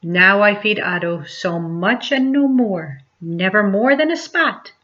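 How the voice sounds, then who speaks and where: Slow, bright-voiced teacher reading aloud. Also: female voice, medium pitch, highs cut off. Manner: expressive, dramatic exclamations and questions. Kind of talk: reading a picture book aloud.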